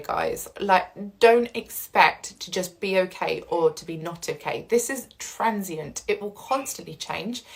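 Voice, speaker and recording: In a rough recording, a woman with a lowish, slightly bright voice reassures viewers about getting through change. Her casual, earnest talk to camera includes acted-out inner voices that capture what people feel during upheaval.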